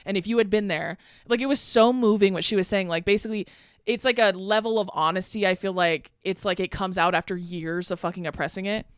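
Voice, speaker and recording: A young woman co-hosting a podcast in casual chat, animated and swearing a lot as she acts out what people said. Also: medium pitch, brisk, clean tone, no echo, clean studio sound. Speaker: podcast co-host.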